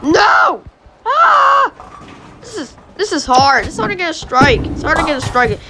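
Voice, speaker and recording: A channel host giving rambling commentary on a mobile game, who yelps and groans at misses. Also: female voice, high-pitched, animated, a little fast, background noise. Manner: rambling, restarts sentences.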